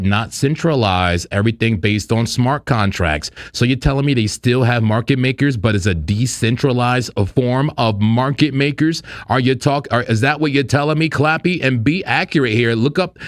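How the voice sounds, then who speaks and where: A man hosts a crypto trading livestream, chatting casually and animatedly, joking often with frequent fillers and laughs. His voice is medium-pitched, and the sound is clean studio audio with no room sound.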